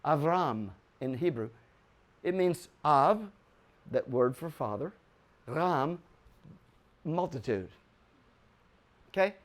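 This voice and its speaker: An older American man teaching the Bible in an excitable, chuckling way, with sudden loud bursts for emphasis. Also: on the high side, slow pace, pauses often.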